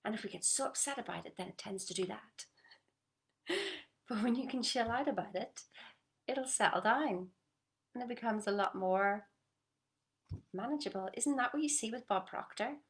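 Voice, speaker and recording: A woman coaching listeners on a group call in an earnest, coaxing manner, often dropping to a soft whisper and checking in with short questions. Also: fairly high pitch, moderate pace, pauses often. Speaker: motivational coach. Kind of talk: motivational talk on a group call.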